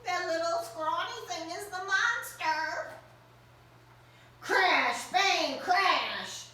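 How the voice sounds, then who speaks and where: A woman teacher reading a story aloud to children in an animated, expressive way and speaking directly to them. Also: very high voice, extremely slow. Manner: animated and expressive, speaks straight to young listeners. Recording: roomy echo, mic at a distance.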